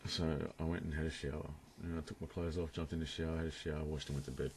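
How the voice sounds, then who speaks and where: A man's voice: rumbling low, flat delivery, fast talker, a little mellow, a little hiss or hum. A young man telling a crude story to his camera at home, rambling and laughing often as he talks. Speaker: vlogger. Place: room at home, indoors.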